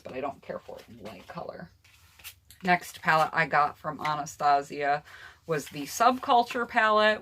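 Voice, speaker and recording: A woman's voice: sits low, a bit bright, slight background noise. A woman beauty vlogger chatting casually through her eyeshadow palettes and talking straight to her viewers. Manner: chatty, personal opinions, addresses viewers directly. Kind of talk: casual makeup palette review.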